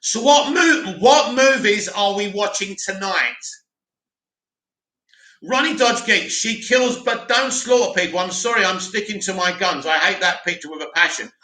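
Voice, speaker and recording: A man hosting a live stream, chatting casually and answering viewer comments in an animated way. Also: high-pitched, normal speed, reverberant. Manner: chatty, animated, mocks a dramatic voice.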